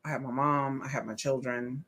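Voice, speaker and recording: A woman's voice: a bass voice, fairly even intonation, fairly quick, a bit bright, husky. A woman hosting a live watch-along, chatting candidly, swearing freely and laughing often. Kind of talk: casual reaction commentary.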